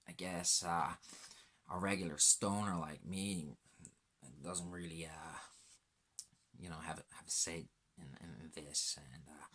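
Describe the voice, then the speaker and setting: A man's voice: deep voice, pushed and bright. A man in a rambling, profanity-laden monologue as a laid-back self-described stoner, sometimes dropping into a whisper.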